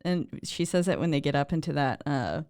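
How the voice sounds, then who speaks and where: A woman's voice: deep voice, animated, brisk, darkish tone, smooth, no echo, studio quality. A woman co-hosting a podcast, chatting casually and enthusiastically, swearing freely and acting out quotes. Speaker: podcast co-host. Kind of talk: casual chat recapping a film.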